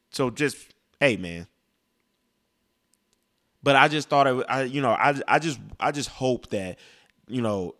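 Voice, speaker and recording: A man's voice: medium pitch, fairly bright tone. A young man giving a casual, blunt and profane rant about music, rambling with restarts. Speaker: music commentator.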